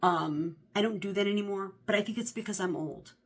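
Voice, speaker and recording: A woman in her fifties chatting casually about her favorite books, rambling and animated, correcting herself as she goes. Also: medium pitch, brisk, a little hiss or hum. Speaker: book vlogger. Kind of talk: casual book review chat.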